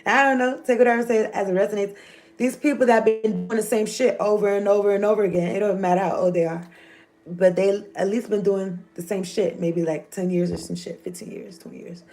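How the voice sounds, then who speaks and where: A woman's voice: medium pitch, fairly even intonation, a little fast, a little mellow. A woman, giving a loose, joking, profane tarot reading. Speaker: tarot reader.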